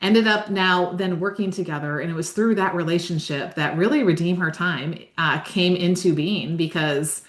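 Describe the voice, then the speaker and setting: A woman host leads a faith-based podcast conversation with bright enthusiasm, piling on affirmations. Her voice sits a touch low for a woman. It carries a noticeable roomy echo. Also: moderate pace, few pauses. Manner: enthusiastic and affirming, gushes praise.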